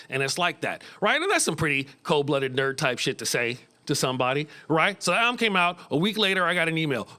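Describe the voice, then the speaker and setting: Man, middle-aged, American, stand-up comedian, bright, lively pitch, small club stage. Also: fast talker, few pauses. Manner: animated, jumps into high squeaky voices for kids. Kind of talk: stand-up set.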